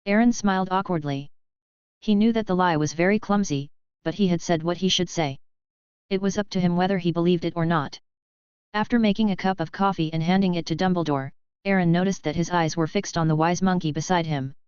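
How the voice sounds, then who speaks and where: A woman reading a fantasy audiobook in an even, steady narrating voice, close to the mic. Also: on the low side, fairly quick, clear, resonant tone, dry recording. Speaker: audiobook reader. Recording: dull, lo-fi, dry.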